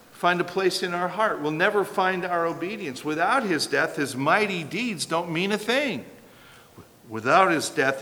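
A man's voice: sits high, bright, forceful tone. A man preaching a sermon as pastor, emphatic and repetitive, often asking the congregation questions. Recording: long hall reverb.

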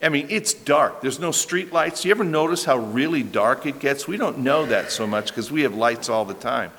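Emphatic preacher man, lively pitch. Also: moderate pace, long reverb tail. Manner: emphatic, repeats key phrases for stress. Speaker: pastor. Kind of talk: expository sermon.

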